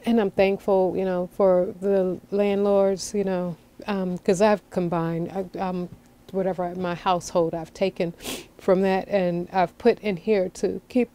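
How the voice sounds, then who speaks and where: A woman who runs a youth ranch program, speaking plainly and haltingly with frequent fillers in an interview. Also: mid-range voice, steady tone, mellow. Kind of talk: interview and hands-on instruction.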